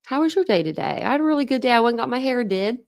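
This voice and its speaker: A woman's voice: a little high, animated, racing, a little mellow. A woman hosting a true crime livestream, chatting casually and greeting viewers by name between frequent laughs.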